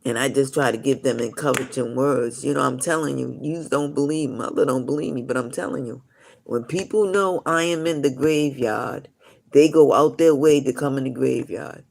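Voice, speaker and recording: Gravelly man telling rambling stories. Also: medium pitch, moderate pace. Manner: rambling, full of "you know" asides. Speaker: live streamer. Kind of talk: casual rambling storytelling.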